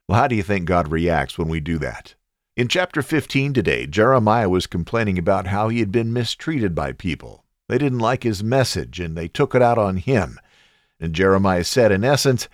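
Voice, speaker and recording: A man's voice: normal speed, no room sound, studio quality. A man hosting a Bible podcast, giving devotional commentary and acting out quotes with big swings in his voice. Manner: expressive, acts out quotes with big pitch swings. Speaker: podcast host and Bible teacher.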